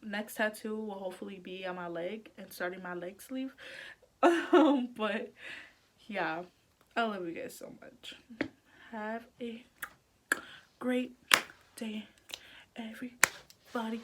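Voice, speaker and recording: A woman's voice: mid-range voice, takes it slowly, long pauses, a little hiss or hum. Young woman vlogging, heartfelt and chatty. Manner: chatty, heartfelt, many "like" and "um" fillers. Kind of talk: casual personal vlog talk.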